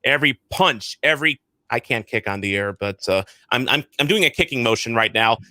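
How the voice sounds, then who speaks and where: A man's voice: medium pitch, lively intonation, pushed and bright, no room sound. A man hosting a podcast in a casual chat, who reads ads loosely and stumbles over lots of "uh" fillers. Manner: halting, many "uh" fillers. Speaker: podcast host.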